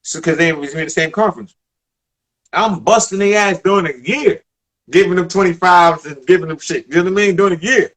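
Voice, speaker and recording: Former baller guest, man with a high voice, loose slangy storytelling full of repeats. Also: a little fast. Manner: animated, slangy, repeats words as he builds up. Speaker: interview guest, former basketball player. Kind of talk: casual interview chat.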